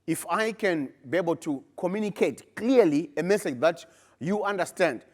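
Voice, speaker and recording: Animated Zimbabwean man giving a talk. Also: high-pitched, moderate pace. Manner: animated, emphatic, rising to bursts when making points. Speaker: research presenter. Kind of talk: conference talk.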